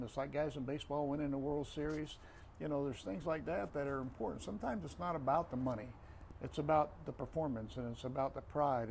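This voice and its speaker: An older man, a retired referee, telling stories as a guest in a podcast interview, animated, repeating phrases and acting out dialogue. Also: fairly high pitch, gravelly, a little hiss or hum.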